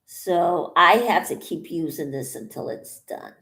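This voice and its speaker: Slow, breathless woman rambling while crafting. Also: lowish voice, animated, gravelly, pushed and bright. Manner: rambling, thinks aloud, pauses often. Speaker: channel host. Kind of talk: casual vlog while painting.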